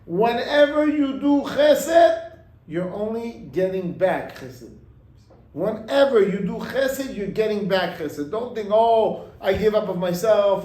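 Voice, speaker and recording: A rabbi telling a story in a sermon, acting out its voices and mixing in Hebrew and Yiddish words. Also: male voice, high voice, reverberant, low-quality recording. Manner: animated, acts out the voices in the story.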